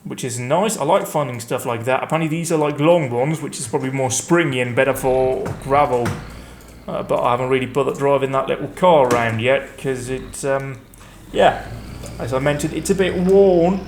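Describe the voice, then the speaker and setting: A man's voice: mid-range voice, normal speed, slight background noise. Chatty man narrating his gameplay. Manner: chatty, rambling, self-mocking; bursts into panicked outcries. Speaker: let's play host. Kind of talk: gameplay commentary.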